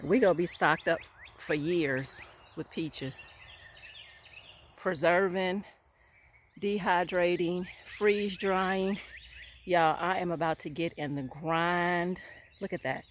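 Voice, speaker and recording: Taking her time with long pauses, a homestead vlogger with a voice on the low side chats eagerly to the handheld phone she's holding on a rural hillside farm. Her casual talk to camera is full of enthusiasm and repeated "y'all"s.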